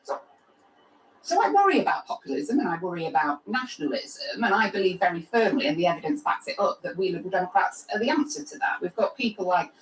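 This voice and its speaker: A woman's voice: fairly low pitch, very animated, fast talker, a little hiss or hum. Female politician, on-message interview answers, echoey and mic at a distance. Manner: fluent, upbeat talking points. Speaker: party politician. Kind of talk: broadcast news interview. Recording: roomy, from a distance.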